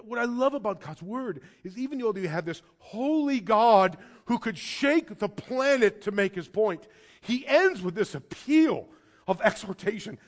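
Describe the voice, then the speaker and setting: Male pastor, high voice, earnest sermon delivery that swings from hushed to emphatic, stumbles and repeats at sentence starts. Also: lively intonation, unhurried.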